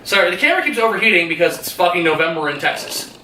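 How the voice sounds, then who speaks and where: A man retells a movie's plot with a bright, forceful voice, swearing freely and laughing between scenes. He sits some way from the mic in a roomy, echoing space, with a faint hum behind him. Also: sits high, lively intonation, rapid-fire, recorded from a distance. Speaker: podcast co-host. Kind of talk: casual movie review chat.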